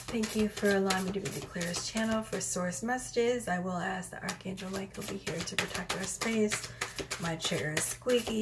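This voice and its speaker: A woman in her thirties giving a casual tarot reading at home, chatty and rambling, with soft whispered asides. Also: medium pitch, heavy background noise. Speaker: tarot reader. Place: home room.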